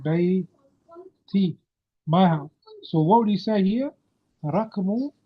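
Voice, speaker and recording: A man's voice: sits high, animated, measured pace, slightly rough. A man teaching an Arabic grammar lesson over a video call, patiently quizzing his student. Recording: muffled video-call audio.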